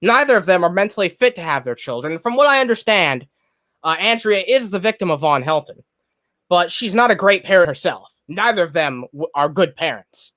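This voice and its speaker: Streaming live, a man greets people in chat and delivers blunt, profane commentary on a video, sometimes with his mouth full because he's eating. His voice is high-set, animated, brisk and sharp.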